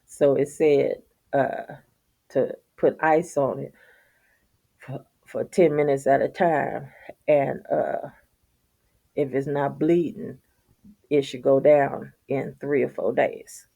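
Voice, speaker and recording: A woman's voice: very deep voice, steady tone, slow pace, creaky, pauses often, dark tone. A middle-aged woman, telling viewers a casual, profane story and laughing often. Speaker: vlogger.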